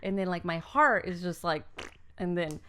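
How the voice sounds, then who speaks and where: A woman's voice: on the low side, normal speed, a bit bright, smooth. Rambling young woman telling a story. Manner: rambling storyteller with many fillers, laughs often. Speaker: podcast co-host. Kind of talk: casual chat.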